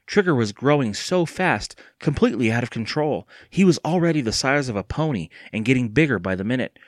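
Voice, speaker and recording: A man reading a children's spooky storybook aloud, expressive. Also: mid-range voice, brisk, dry recording, clean studio sound. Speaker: audiobook narrator. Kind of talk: scripted narration.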